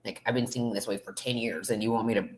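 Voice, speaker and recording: A woman's voice: a bass voice, fairly even intonation, quick pace, a little hiss or hum. A woman hosting a casual livestream interview, chatty and encouraging, laughing often, heard over a video call. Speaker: podcast host.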